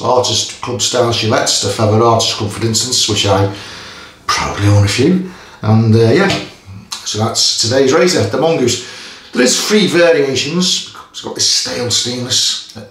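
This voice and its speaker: A man with a Merseyside accent hosting a casual shaving vlog, talking in a rambling, self-deprecating way with plenty of fillers and restarts. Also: mid-range voice. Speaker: shaving channel host. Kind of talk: casual product demo vlog. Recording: roomy echo from a distant mic.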